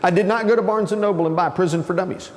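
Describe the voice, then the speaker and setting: A man giving a humorous storytelling talk at a conference, animated and acting out the voices of the people in his story. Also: high-pitched, racing. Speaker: conference speaker. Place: conference hall. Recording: reverberant conference hall.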